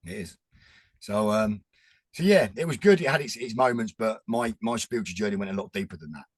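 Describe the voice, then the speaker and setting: A man's voice: on the low side, expressive, a little fast, breathy edge, no room sound. A man, talking earnestly and rambling in a casual chat as a podcast guest. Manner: rambling, restarts often, earnest.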